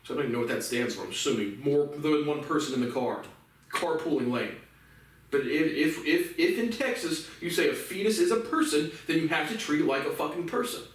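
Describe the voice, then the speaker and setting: A man's voice: on the high side, animated, brisk. Angry ranting man, echoey distant mic. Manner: profane, angry, scornful. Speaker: solo vlogger. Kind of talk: ranting monologue. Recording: very echoey room, mic far off.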